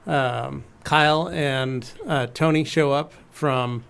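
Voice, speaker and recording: A man's voice: medium pitch, fairly even intonation, slow pace, gravelly, a bit bright, clear, resonant tone. A man co-hosting a podcast, giving an easygoing recap of the week in casual chat. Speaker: podcast co-host.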